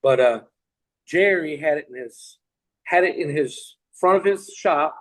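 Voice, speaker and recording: A man's voice: a little high, a little slow, poor audio. A middle-aged man from Tennessee, a podcast guest telling a long anecdote in a rambling way, full of restarts and asides. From Tennessee, USA. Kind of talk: casual anecdotal storytelling.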